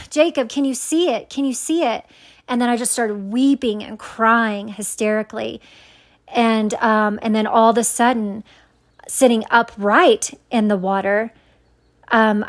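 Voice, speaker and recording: A woman telling a personal story in a casual, rambling way, full of fillers and restarts, earnest and searching for words. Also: medium pitch. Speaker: vlogger sharing a dream.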